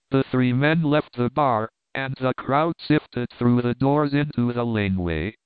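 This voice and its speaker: A man reading a story aloud in a steady, measured narration, lightly voicing the dialogue. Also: mid-range voice, clear, resonant tone, dry recording. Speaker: audiobook reader. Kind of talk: scripted narration. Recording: dry, narrow phone-like sound.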